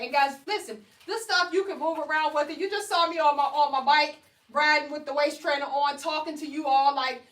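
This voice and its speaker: A woman's voice: high voice, a bit bright. A woman hosting a live product demonstration, talking in a chatty, coaxing way and checking in with her viewers. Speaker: host selling shapewear on a livestream. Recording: roomy echo, far from the mic.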